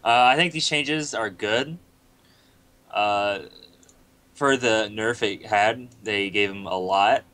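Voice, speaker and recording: A man who is a guest on a casual panel chat, talking in a relaxed, hesitant way with many fillers. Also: lowish voice, slow, long pauses. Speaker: guest player.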